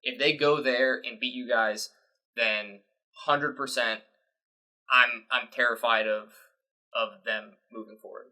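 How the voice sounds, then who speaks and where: A man's voice: mid-range voice, steady tone, measured pace, bright, forceful tone, low-quality recording. A man co-hosting a sports podcast, giving rambling, opinionated takes in casual chat. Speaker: podcast co-host.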